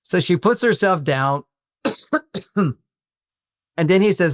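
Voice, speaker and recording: An older man, a relationship author, explains workplace advice conversationally in a high voice with lively intonation. He acts out bits of example dialogue in quick little voices, recorded dry with clean studio sound.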